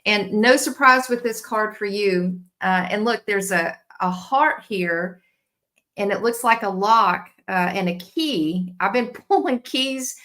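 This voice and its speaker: A woman's voice: medium pitch, takes it slowly, sharp tone. A woman with a Southern accent from Tennessee, co-hosting a live stream and giving an oracle card reading in a meandering way, with many fillers and restarts. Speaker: co-host reading oracle cards.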